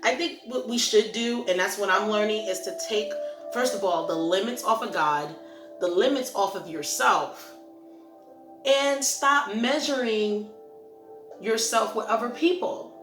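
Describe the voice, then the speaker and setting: A woman's voice: medium pitch, unhurried. A woman hosting a Christian ministry channel, talking casually to camera in an earnest, rambling, self-reflective way. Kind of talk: casual encouraging talk to camera. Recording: roomy echo with faint music.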